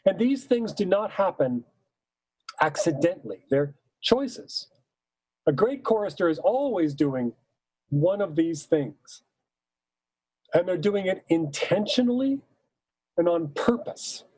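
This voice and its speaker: A man explaining how choirs should shape a musical line, talking slowly and with warm, mellow weight on the words that matter. His voice sits a touch high for a man and sounds dry and close, as if recorded right at the mic. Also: sing-song, breathy edge, dry recording, rough recording. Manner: measured, emphatic, sings short hymn phrases to demonstrate. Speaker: choral music teacher. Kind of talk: instructional talk.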